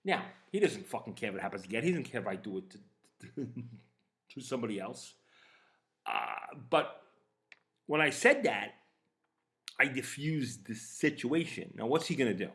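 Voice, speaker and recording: A man in his fifties casually telling a personal story, animated and swearing as he acts out both sides of the exchange. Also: medium pitch, moderate pace, long pauses. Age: 50s. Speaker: podcast host.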